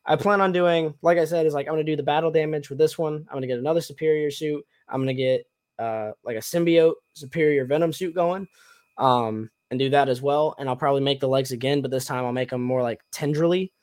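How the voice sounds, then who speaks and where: Young male host, slightly high voice, chatty and rambling, lots of fillers. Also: fast talker, darkish tone. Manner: rambling, upbeat, many fillers. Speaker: podcast host and cosplayer. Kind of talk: casual chat.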